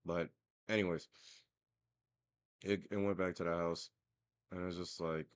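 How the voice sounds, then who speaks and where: A man's voice: low-pitched, little pitch movement, unhurried, long pauses, no room sound. A young man telling a story as a casual, profane, self-mocking rant. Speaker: vlogger.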